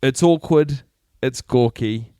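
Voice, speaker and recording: A man co-hosting a podcast in casual chat, deadpan, reading listener letters aloud. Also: mid-range voice, slow, smooth, no room sound, studio quality. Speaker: podcast co-host.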